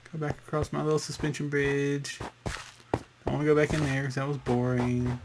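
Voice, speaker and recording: Gravelly guy rambling thru a game, kinda high voice, music going behind him. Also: background noise. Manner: rambling and chatty, with fillers and little sound effects. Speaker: gaming channel host. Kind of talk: casual let's-play commentary.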